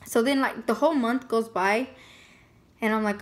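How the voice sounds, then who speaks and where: Young woman, fairly high voice, casual storytelling, chatty, lots of fillers. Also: fairly even intonation, moderate pace. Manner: chatty, many fillers like "like" and "you know". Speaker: family vlogger.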